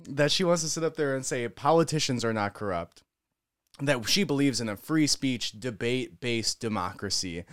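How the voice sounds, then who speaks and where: A man's voice: medium pitch, animated, normal speed, a bit bright, no room sound, studio quality. Sarcastic man reacting to a clip. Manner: sarcastic, mocking. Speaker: political commentator. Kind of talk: reaction commentary.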